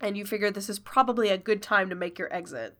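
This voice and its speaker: A woman narrating as game master of a tabletop role-playing game, casual and given to quick self-corrections. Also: mid-range voice, a bit bright.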